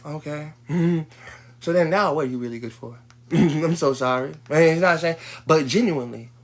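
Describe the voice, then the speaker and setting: Man, higher voice, casual profane rant, laughs a lot. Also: moderate pace. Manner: profane, laughs often, heated.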